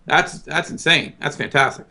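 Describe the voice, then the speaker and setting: A man's voice: a little high, normal speed, gravelly, bright, forceful tone. A man in his thirties in casual podcast chat, self-deprecating and rambling, often stammering and restarting his sentences. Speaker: guest co-host.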